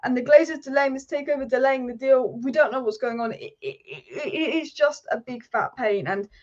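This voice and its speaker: A woman hosting a live football talk stream, talking passionately and fast in a ranting way. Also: high-pitched, a little mellow, lo-fi sound. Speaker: football channel host.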